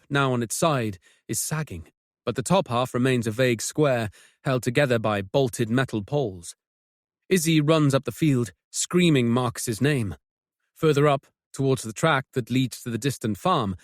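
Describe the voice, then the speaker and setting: A man narrating a mystery audiobook with measured, tense storytelling. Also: medium pitch, no room sound, clean studio sound. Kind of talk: scripted narration.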